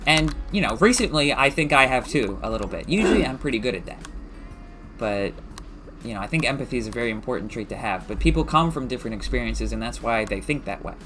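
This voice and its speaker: A man's voice: medium pitch, lively intonation, quick pace, over music. A man streaming a farming game, chatting casually and musing aloud as he rambles.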